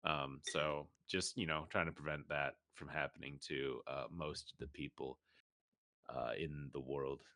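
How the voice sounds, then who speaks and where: A man's voice: rumbling low, steady tone, unhurried, sharp tone, no echo, clean studio sound. A man playing in a tabletop game, talking casually and rambling a bit. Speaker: player.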